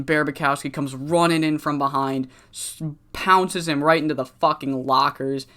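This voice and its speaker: A host giving casual, excitable commentary on a wrestling management game, swearing freely and laughing often. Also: mid-range voice, clear, resonant tone. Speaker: gaming video host.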